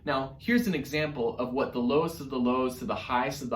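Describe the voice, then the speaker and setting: A man's voice: medium pitch, brisk, reverberant, slight background noise. A man teaching an online music lesson to children in a playful, encouraging way.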